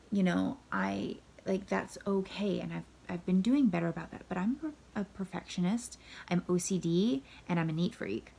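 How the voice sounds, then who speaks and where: Tired gravelly-voiced woman vlogger. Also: on the low side, expressive, moderate pace, mellow. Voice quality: gravelly, husky. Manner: candid, rambling, self-critical, often drops to a near whisper. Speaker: vlogger, mother and wife. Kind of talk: casual confessional vlog.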